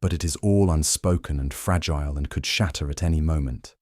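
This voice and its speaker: A man narrating a history story for sleep in a calm, slow, soothing scripted style. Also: rumbling low, no room sound, clean studio sound.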